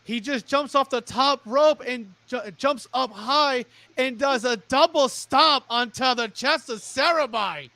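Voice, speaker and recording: A young man calls a wrestling match play by play, tripping over his words and restarting as he rushes ahead. His voice sits high for a man and rings bright and sharp. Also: no room sound. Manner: rapid, stumbling restarts, plugs sponsors. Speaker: play-by-play commentator. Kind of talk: excited wrestling commentary.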